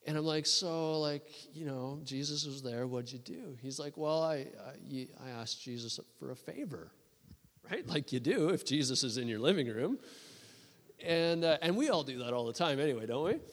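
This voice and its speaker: Man, sermon storytelling, animated, lots of restarts, slightly high voice, long church-hall echo. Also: normal speed. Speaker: guest preacher.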